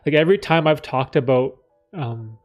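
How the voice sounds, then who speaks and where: A man's voice: on the high side, lively intonation, moderate pace, soft background music. Candid man rambling on a live stream. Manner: candid, rambling, frequent fillers and throat clearing. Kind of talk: casual live stream chat, reading chat.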